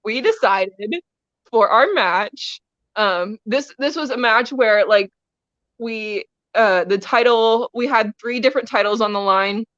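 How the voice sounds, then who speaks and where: A woman's voice: a little high, unhurried, a bit bright, no room sound, muffled recording. A woman wrestler guest telling a story in a casual interview, laughing often as she talks. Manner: giggly, laughs often while telling stories.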